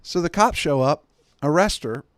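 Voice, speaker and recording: A man's voice: a little high, animated, moderate pace, no echo, clean studio sound. A man in his thirties hosting a podcast, telling a wild personal story in a casual, emphatic way and laughing as he goes. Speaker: podcast host.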